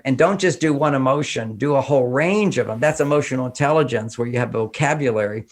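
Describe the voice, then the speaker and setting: A man from Texas speaking as a guest in a conversational interview, with a voice of middling pitch. He talks animatedly and slips into acted-out dialogue to make his points. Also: quick pace, few pauses. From Houston, Texas. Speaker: podcast guest.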